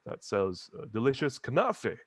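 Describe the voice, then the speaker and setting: A man's voice: mid-range voice, sing-song, moderate pace, husky, dry recording, clean studio sound. A man voicing a brash, risk-taking male starship pilot who speaks cheerfully and a little formally.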